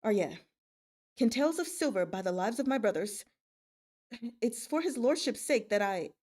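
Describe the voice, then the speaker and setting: A woman's voice: a little high, animated, moderate pace, darkish tone. A woman voicing an indignant, hot-tempered male army commander in a read-aloud novel. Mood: defiant. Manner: indignant, pushing back.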